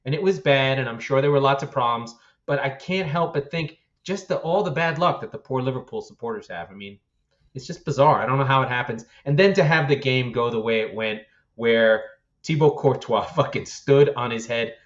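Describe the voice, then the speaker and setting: A man co-hosting a football podcast in loose, animated chat, swearing freely and laughing between points. His voice sits at a middling pitch, and the audio sounds slightly dull and muffled. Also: fairly quick. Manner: animated, profane, laughs often. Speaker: podcast co-host.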